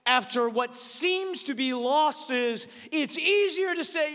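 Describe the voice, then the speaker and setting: Man, pastor, very high voice, bright tone, animated storytelling sermon, long hall reverb. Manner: animated storyteller, quick asides. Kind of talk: sermon opened with a personal story.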